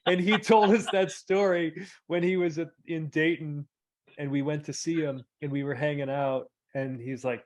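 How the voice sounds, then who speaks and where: A man's voice: on the high side, fairly even intonation, moderate pace. A man co-hosting a casual podcast, joking and laughing as he tells stories. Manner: joking, laughs a lot, playful.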